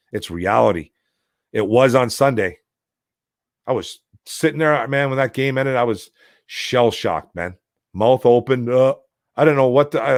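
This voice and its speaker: A man's voice: medium pitch, dry recording. Ranting man on a dry mic. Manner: heated, ranting, repeats "man" and "bro". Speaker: sports talk show host. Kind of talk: casual ranting sports talk.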